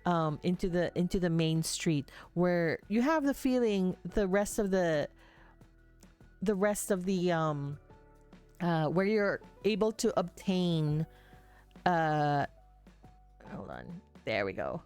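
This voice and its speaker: Woman running a tabletop game on stream, slow and rambly, lots of ums, faint music behind. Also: lowish voice, animated, a little mellow, clear, resonant tone. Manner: meandering, halting narration with many fillers and laughs. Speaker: game master. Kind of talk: livestreamed tabletop game narration.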